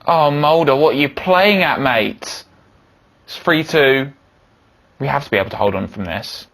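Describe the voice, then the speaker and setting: A young man giving excitable commentary over a football video game, yelling when goals go in. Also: mid-range voice, a little slow. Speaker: gaming YouTuber.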